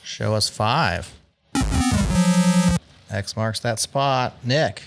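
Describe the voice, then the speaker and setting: A man's voice: lowish voice, drawn-out words, gravelly, over loud music. A man hosting a podcast game show, reading out survey results in a playful, wry way.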